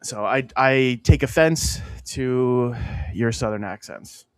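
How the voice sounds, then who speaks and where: A man's voice: medium pitch, takes it slowly, clean tone, dry recording. Male co-host from Pennsylvania, loose rambling teller, frequent laughter, dead-dry recording. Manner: rambling storyteller, laughs often. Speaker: podcast co-host. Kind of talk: casual podcast banter.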